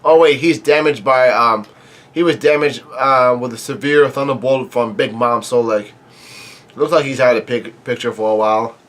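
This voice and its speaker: A man with a middle-pitched voice chats his way through a comic chapter recap. He rambles loosely, restarts sentences and drops in plenty of fillers. Now and then he stops to cough. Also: normal speed, fairly bright tone. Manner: rambling, many ums and restarts. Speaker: manga reaction host. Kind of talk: casual recap and commentary.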